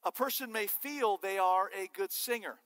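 A man preaching a sermon as pastor, animated and joking with his listeners. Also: high voice, moderate pace, big-room sound. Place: church sanctuary.

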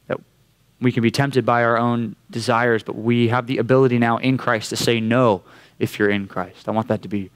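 A man preaching a sermon to a youth group, telling a story with lively acted-out quotes. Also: medium pitch, normal speed, clean tone. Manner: animated storyteller, acts out quotes in a raised voice. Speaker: youth pastor. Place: church youth room.

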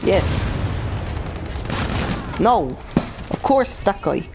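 A man with a gaming channel commentating live over a shooter match, excitable and swearing as he reacts. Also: high voice, extremely slow, gravelly, noisy background. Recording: game gunfire under the voice. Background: gunfire and explosions from the game.

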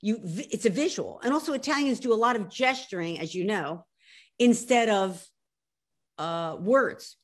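An older woman from South Philadelphia speaks with a clear Philadelphia accent, her pitch sitting mid-range. She talks in an animated, emphatic rush, leaning hard on key words. It sounds like a video call interview. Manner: animated, emphatic, quick to laugh at herself. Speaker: author guest. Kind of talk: casual interview chat.

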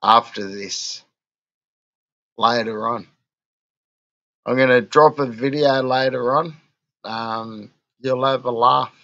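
A drunk Australian man rambles and rants with heavy swearing and a slurred, crude delivery. His voice is gravelly with fry and drawls along slowly. The recording sounds dull and lo-fi. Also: mid-range voice, steady tone, pushed and bright. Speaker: vlogger. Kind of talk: rambling casual monologue.

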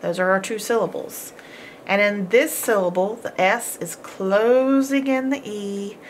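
Patient teacher, woman, slow and deliberate, spells words sound by sound, faint hiss behind. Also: medium pitch. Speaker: homeschool teacher. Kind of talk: phonics lesson.

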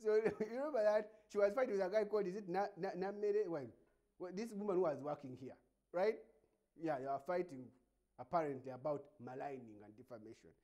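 A man's voice: high-pitched, fairly quick. A Ugandan man hosting a show, talking through a casual comedic monologue with plenty of laughing and mockery. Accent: Ugandan English. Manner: animated, laughing, mocking. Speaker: show host.

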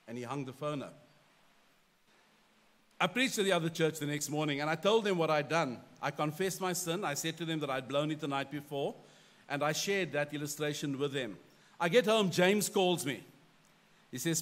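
A middle-aged man with a fairly high voice preaches a sermon. He tells a story from his own life in an animated way. He pokes fun at himself as he goes. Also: normal speed. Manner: animated storyteller, self-deprecating. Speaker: pastor.

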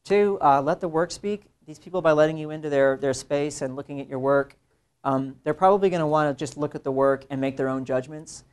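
A young adult man, an illustrator, giving a casual classroom talk to students, conversational and animated, slipping into mimicked voices for quoted asides. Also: a little high, brisk, clear, resonant tone.

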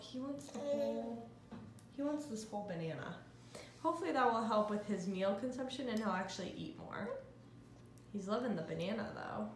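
A young woman vlogging casually, coaxing her toddler in a sing-song way. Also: medium pitch. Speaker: vlogger mom. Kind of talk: casual vlog chat. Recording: echoey room with faint background noise.

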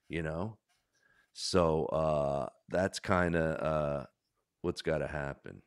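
Deep-voiced halting man. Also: expressive, gravelly, no echo, studio quality. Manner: halting, many fillers. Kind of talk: casual chat.

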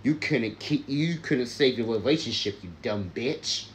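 Guy arguing with his alter ego, mid-pitched, cursing a lot, stumbles and restarts. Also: slight background noise, low-quality recording. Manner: frustrated, profane, halting restarts. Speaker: skit creator. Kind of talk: self-dialogue skit.

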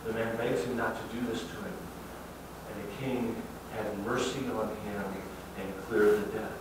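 A man preaching a sermon in a conversational and emphatic way, often swinging between quiet asides and loud stresses. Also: a little slow, recorded from a distance, noisy background. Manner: conversational and emphatic, with lively swings of pitch and loudness. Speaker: pastor. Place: church sanctuary. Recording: very echoey hall from afar.

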